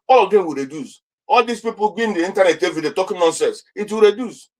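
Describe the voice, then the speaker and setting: A man with a Nigerian accent and a high-pitched voice gives heated political commentary as an interview guest. He repeats himself, restarts his sentences and fires off rhetorical questions. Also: rough recording.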